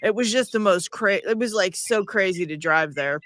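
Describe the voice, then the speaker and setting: A man's voice: high voice, normal speed, fairly bright tone. A man hosting a livestream in casual chat, laughing often and reading out viewer comments. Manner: chatty, laughs often, reads comments aloud. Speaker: livestream host.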